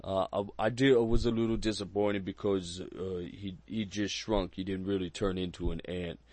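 A man co-hosting a casual movie chat with deadpan, dry, literal humor. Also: sits low, moderate pace, no room sound.

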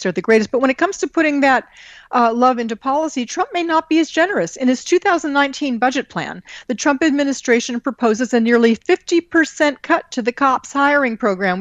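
A woman's voice: a little high, no room sound. A woman co-hosting a casual political chat, reading news items and tweets aloud with laughing asides. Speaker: co-host.

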